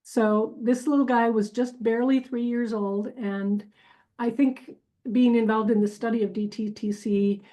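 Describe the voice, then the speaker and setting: A woman's voice: on the high side, steady tone, measured pace, dark tone, low-quality recording. A woman speech clinician giving a conference talk, explaining the therapy clips she plays. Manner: explanatory, reflective. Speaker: speech-language clinician presenter.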